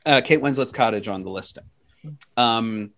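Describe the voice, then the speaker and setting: A man's voice: medium pitch, normal speed, a bit bright. A man in his forties from the US, hosting a podcast and talking in a casual, emphatic, self-mocking way. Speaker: podcast host. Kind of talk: casual chat.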